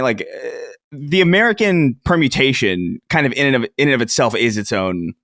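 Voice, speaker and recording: A man's voice: mid-range voice, fairly bright tone, no room sound, studio quality. A man co-hosting a podcast in casual chat, thinking aloud with frequent restarts. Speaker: podcast co-host.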